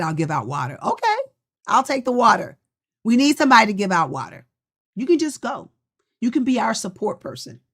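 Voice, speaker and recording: A woman coach talks casually and encouragingly to her followers, cheering them on to take action. Her voice sits a little high, and she keeps an easy, chatty rhythm as she calls them y'all. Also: fairly bright tone. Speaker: life coach and podcast host. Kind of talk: casual motivational chat to viewers.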